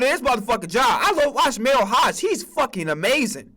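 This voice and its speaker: A man hosting a sports stream who rants heatedly, cursing constantly and tripping over repeated words. His voice sits very high and sounds bright and sharp. His pitch leaps up and down as he argues. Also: very animated, brisk. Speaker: sports streamer and podcast host. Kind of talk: profane sports rant.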